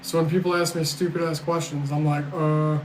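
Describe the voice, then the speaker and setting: A man's voice: on the high side, little pitch movement, fast talker, echoey room, a little hiss or hum, poor audio. Blunt, rambling man on a livestream. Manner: rambling, blunt and profane, with restarts and sarcasm. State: tired. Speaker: livestream host answering chat. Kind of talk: casual live-stream chat.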